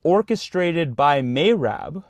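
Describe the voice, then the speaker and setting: Animated young man telling stories. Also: on the high side, takes it slowly, dry recording. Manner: animated storyteller, loose and filled with "like". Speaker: guest, actor and singer. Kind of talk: casual storytelling in a podcast interview.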